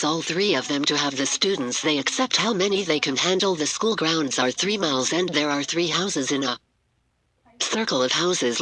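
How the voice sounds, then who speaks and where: A man's voice: fairly high pitch, sharp tone, low-quality recording. A man telling an improvised story in a rambling, muddled way, often correcting himself.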